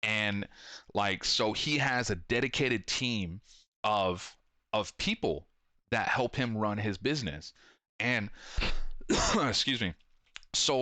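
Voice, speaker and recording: A man's voice: mid-range voice, pushed and bright, dry recording. A man in his thirties talking casually, rambling, swearing a lot and acting out quotes as he tells stories. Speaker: podcast host and shop owner. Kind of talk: casual profane monologue.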